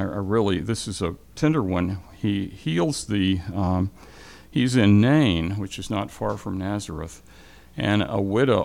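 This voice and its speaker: A man with a very low, gravelly voice teaches scripture to a class. He talks in a halting, reflective way, often restarting sentences and searching for words. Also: darkish tone. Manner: thoughtful, halting, many restarts and fillers. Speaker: Bible teacher. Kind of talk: informal Bible lecture.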